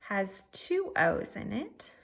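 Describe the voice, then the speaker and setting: Slow, gravelly-voiced woman teacher. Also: medium pitch, sing-song. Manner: methodical, thinking aloud step by step. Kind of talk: virtual writing lesson.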